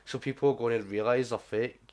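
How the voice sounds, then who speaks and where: A man's voice: mid-range voice, fairly even intonation, fairly quick, a little mellow. A young Scottish man, a guest rapper, talking bluntly and swearing in casual chat.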